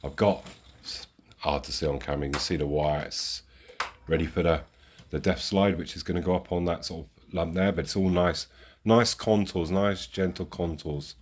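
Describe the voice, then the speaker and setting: A man's voice: low voice, moderate pace, slight background noise. A man vlogging casually while building model railway scenery outdoors. He rambles, self-deprecating and chatty, with the odd curse. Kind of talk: casual hands-on craft commentary.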